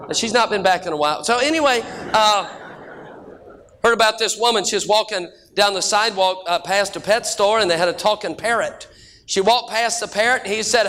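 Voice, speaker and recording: A middle-aged male pastor preaching a sermon full of folksy jokes and stories, speeding up and then slowing down for emphasis. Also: sits high, sharp tone. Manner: folksy joking preacher, shifting between quick and slow drawn-out delivery.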